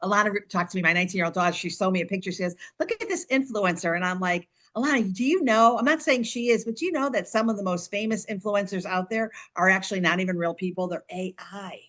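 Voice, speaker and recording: Animated middle-aged woman, interview guest. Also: mid-range voice. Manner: animated, repeats words and restarts; speaks digits slowly and deliberately. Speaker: podcast guest, author. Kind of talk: conversational interview.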